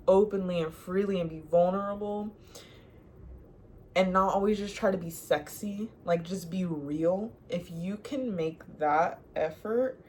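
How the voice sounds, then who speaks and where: A woman's voice: lowish voice, slight background noise. Sassy young woman giving advice. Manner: sassy, animated, laughs often, talks to viewer as girl. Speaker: advice vlogger. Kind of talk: casual advice monologue.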